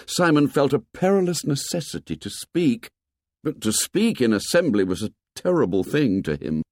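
Man narrating a novel, expressive and measured. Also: no echo, clean studio sound. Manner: expressive, measured storytelling that drops low and soft for tense passages. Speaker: audiobook narrator. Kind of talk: scripted narration.

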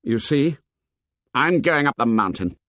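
A man's voice: medium pitch, very animated, unhurried, darkish tone, no room sound, clean studio sound. A man voicing an earnest boy chief who sounds troubled and hurt. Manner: earnest, despairing.

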